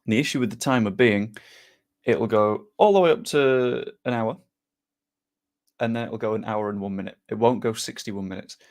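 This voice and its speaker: A man's voice: lowish voice, moderate pace, darkish tone. A young man, chatting casually to his live-stream viewers before a football match, reading chat aloud and joking at his own expense. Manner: chatty, self-deprecating, reads chat aloud.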